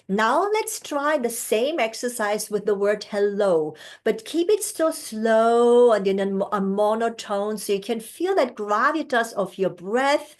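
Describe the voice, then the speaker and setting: A woman coaching a class over a video call, her voice sitting fairly high. She speaks slowly and warmly encourages the group through each breathing exercise. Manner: slow, encouraging, demonstrating breathing and tones. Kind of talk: online masterclass teaching.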